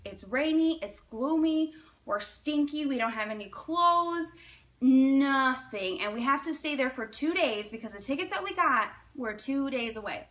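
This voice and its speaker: A young woman in her twenties telling a personal story in an animated, dramatic way, using "like" often. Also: sits high, unhurried. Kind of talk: casual personal anecdote.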